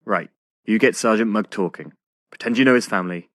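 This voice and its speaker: Man voicing Scottish outlaw, put-on Scottish accent, dry sardonic delivery, low voice, dead studio sound. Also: brisk, fairly bright tone, no room sound, lightly acted. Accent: attempted Scottish, not authentic. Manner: dry, sardonic, matter-of-fact. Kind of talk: comic audio drama acting.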